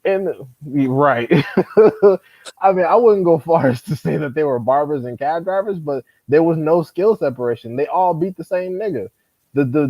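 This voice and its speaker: A man's voice: on the high side, no echo. A man talks boxing in an exasperated, emphatic way, cursing freely. He sounds like a co-host on a casual podcast. The recording is dry and a bit dull, with little room sound.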